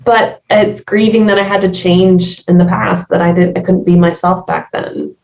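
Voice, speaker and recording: Speaking with a Southern accent, a woman from the American South guests on a podcast and reflects thoughtfully, often using fillers and restarting. She has a fairly low, gravelly, darkish voice with a steady tone and moderate pace. The audio is distant, roomy and dull, typical of remote recording.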